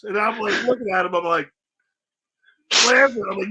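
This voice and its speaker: A middle-aged man telling casual stories in an interview, animated, swearing freely and laughing often. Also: sits high, fairly quick, crowd noise, rough recording. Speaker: interview guest, former wrestler. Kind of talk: casual storytelling.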